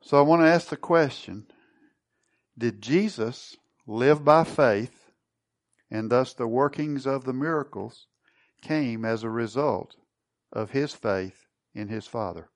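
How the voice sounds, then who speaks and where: A man's voice: medium pitch, slow. A man preaching a sermon, teaching and putting questions to his congregation. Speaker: pastor.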